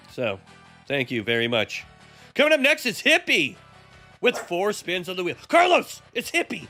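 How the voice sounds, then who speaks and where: A man streaming comedic wrestling commentary, loud, joking and cursing, with faint music behind him. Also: high voice, wildly swooping pitch, normal speed. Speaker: streamer doing fight commentary.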